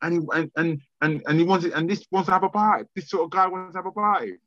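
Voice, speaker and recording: A man's voice: high voice, quick pace, a bit bright, dry recording, muffled recording. A man, a music promoter telling stories in a casual podcast interview, rambling and repeating words, swearing freely.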